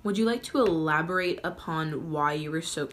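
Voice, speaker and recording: A sulky teenage prince, snarky and constantly exasperated, talks down to his mother and turns to his viewers like a vlogger, as a woman plays him in a comedy skit. The voice sits fairly low for a woman and stays in her own everyday register. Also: moderate pace, a little hiss or hum, lightly acted. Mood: sarcastic.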